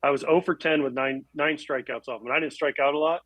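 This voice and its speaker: Brief: quick, chatty male guest, dry close sound, self-mocking storyteller. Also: a little high, fairly even intonation, fairly bright tone, dry recording, rough recording. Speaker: guest, former baseball catcher. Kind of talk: casual chat.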